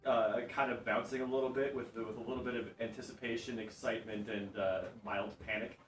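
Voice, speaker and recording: A man playing in a tabletop role-playing game, narrating his character's actions in a hesitant, animated way with many fillers. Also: mid-range voice, a little fast. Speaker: player. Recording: roomy, distant mic, faint music.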